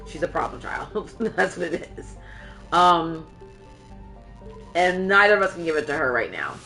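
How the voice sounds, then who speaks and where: Bright-voiced woman chatting casually on stream. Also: lowish voice, lively intonation, moderate pace, soft background music, low-quality recording. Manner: rambling, chatty, swears casually. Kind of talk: casual gameplay chat.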